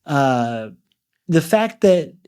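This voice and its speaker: Brief: male co-host, higher-pitched and mellow, casual book talk, lots of fillers. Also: very animated, drawn-out words, smooth. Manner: chatty, full of "like" and "you know".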